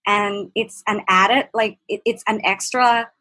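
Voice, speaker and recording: A young woman with a Thai accent and a soft, breathy voice of middle pitch. She speaks as a podcast guest, earnest and reflective, often pausing and searching for her words as she tells her story. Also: fairly even intonation, low-quality recording. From Thailand. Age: young adult. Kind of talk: personal storytelling in a conversation.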